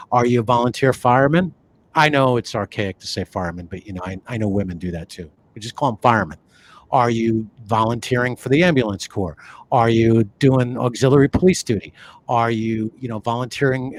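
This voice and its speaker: A New York City-area man co-hosts a podcast, rambling through conversational talk in a medium-pitched voice. He's animated, full of fillers and restarts, with slight background noise behind him.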